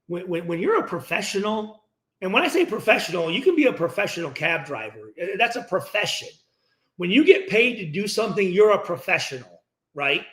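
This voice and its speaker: A man in his middle years talks straight and profanely about accountability, acting out locker-room exchanges in quick voices. His voice sits high for a man and leaps around constantly, full of energy. The room around him rings with a clear echo. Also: sing-song, fairly bright tone. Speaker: former football player hosting a post-game reaction stream. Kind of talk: casual, profane livestream rant.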